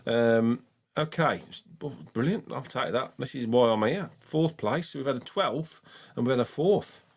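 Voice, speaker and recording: A man's voice: medium pitch, lively intonation, normal speed. A man with a Black Country accent hosting a fan phone-in show, chatty and enthusiastic with callers. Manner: chatty and enthusiastic, says mate a lot. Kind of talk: casual phone-in chat.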